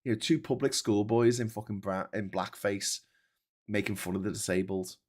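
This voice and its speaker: A man's voice: fairly low pitch, moderate pace. A man hosting a casual livestream, reading viewer comments and ranting with lots of swearing and restarts.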